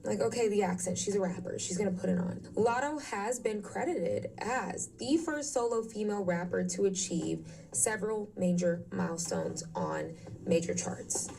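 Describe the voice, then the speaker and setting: A woman reading a scripted video essay narration in a measured, explanatory way. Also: medium pitch, big pitch swings, creaky, a little mellow. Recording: distant playback through stream.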